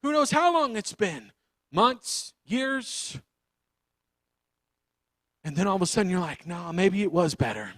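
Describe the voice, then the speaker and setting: A man preaching a youth sermon, animated and acting out the voices of the story. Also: high voice, a little slow, pauses often, no echo. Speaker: youth pastor.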